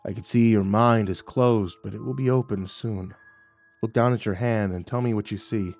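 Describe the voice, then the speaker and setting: A man voicing an ancient male skinwalker who speaks in a low, mocking, calmly amused way. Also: moderate pace, faint music behind, lightly acted. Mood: sly. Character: ancient sly male skinwalker, teasing and unhurried.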